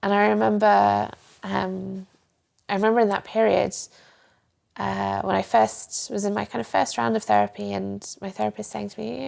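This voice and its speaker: This young woman has a mid-range voice with vocal fry and a darkish tone, delivered flatly at a moderate pace. She's a guest, a journalist and coach, reflecting openly and candidly on her own story in a personal interview.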